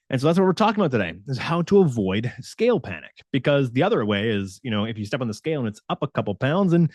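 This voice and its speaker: A fitness coach speaks casually to camera, addressing his viewers in an animated, conversational way and acting out the quotes. His voice is medium-pitched, and the studio-quality recording has no room sound.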